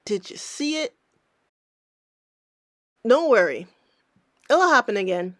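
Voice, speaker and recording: A woman narrating her reaction to video clips in a sarcastic, teasing manner. She speaks slowly and drags out her jabs. Her voice is close and dry, with no room sound at all. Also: a little high, sing-song, no echo. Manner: snarky, teasing. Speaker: commentator.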